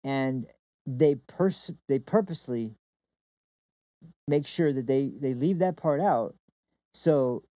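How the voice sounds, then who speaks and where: Man, deep mellow tone, dry close sound, forceful political argument, lots of uh and restarts. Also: lively intonation, takes it slowly, pauses often, no echo, low-quality recording. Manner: forceful, with many fillers and restarts.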